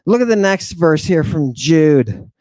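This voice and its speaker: An excitable man delivers an online lesson, repeating himself for emphasis and swinging between loud outbursts and hushed asides. His voice sits a little high for a man. The sound is dry and close, with no room around it. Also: unhurried, dry recording. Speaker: teacher. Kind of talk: animated online lecture.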